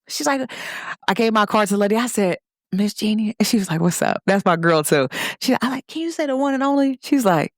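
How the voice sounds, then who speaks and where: Lively woman hosting a pep talk. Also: fairly high pitch, no room sound, clean studio sound. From Cincinnati, Ohio. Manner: lively, repetitive, speaks directly to listeners with "y'all". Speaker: host. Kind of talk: casual motivational talk to viewers.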